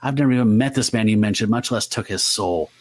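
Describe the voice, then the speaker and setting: A man reading the lines of a cold, dismissive half-demon woman from a comic, in a flat voice close to his own. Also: lowish voice, fast, lightly acted.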